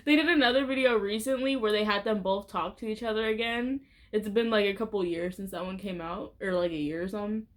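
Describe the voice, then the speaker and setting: A woman YouTuber chatting casually to camera in a vlog, rambling from thought to thought with a steady stream of "like" fillers. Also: medium pitch, fast talker, few pauses. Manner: rambling, heavy use of "like" fillers.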